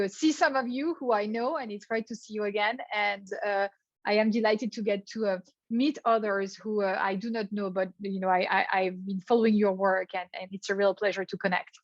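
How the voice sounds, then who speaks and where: A woman's voice: medium pitch, no room sound, highs cut off. A middle-aged woman with a French accent giving an online workshop lecture, earnest, often repeating small words as she starts a thought. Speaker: guest speaker, professor.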